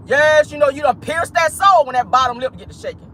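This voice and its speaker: A woman's voice: high-pitched, fairly quick, a bit bright, slight background noise, rough recording. A woman hosting a gossip show, speaking in a sassy, profane, laughing manner. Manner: sassy, profane, laughing often, acts out quotes. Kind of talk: casual commentary to viewers.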